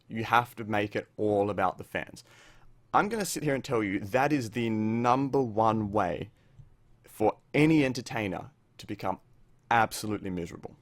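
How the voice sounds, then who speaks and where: A young man speaks his mind to the camera in a casual opinion vlog, blunt and candid with plenty of swearing. His voice sits fairly low, broken up by ums and restarts. The sound is dry and close, with no room around it. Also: dry recording. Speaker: YouTuber addressing another creator.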